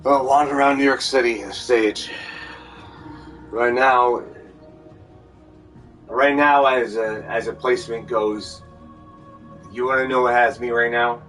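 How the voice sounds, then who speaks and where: A man's voice: mid-range voice, fairly even intonation, normal speed, a bit bright. A man talking in a meandering monologue, full of fillers and restarts. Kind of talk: rambling monologue. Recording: distant mic with faint music.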